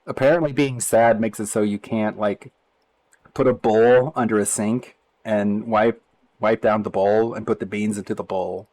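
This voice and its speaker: A man's voice: on the low side, fairly even intonation, normal speed, darkish tone, no echo, poor audio. A man streaming live, reading out tweets and mocking them in a sarcastic commentary, often laughing between remarks.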